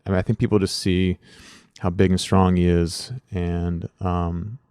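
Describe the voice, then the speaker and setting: A man reflecting on a former teammate in a measured, thoughtful way. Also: sits low, flat delivery, a little mellow, clean tone, no echo, clean studio sound. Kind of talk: reflective interview.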